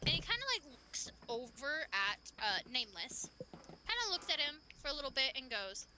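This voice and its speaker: A woman's voice: sits high, lively intonation, normal speed, noisy background. A woman narrating a tabletop game as game master, chatty and loose, full of fillers.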